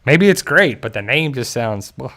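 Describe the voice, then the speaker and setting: A man chatting casually as a stream host, moving from one comment to the next in a loose, rambling way. He jokes often and breaks into easy chuckles, at an ordinary middle pitch for a man. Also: big pitch swings, normal speed, bright, forceful tone. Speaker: channel host reading viewer chat. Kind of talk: casual livestream chat.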